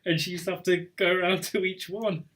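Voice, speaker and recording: A young quiz host with a high, slightly bright voice and flat delivery talks fairly quickly during his live online pub quiz. His chatter between questions meanders off topic, punctuated by chuckles.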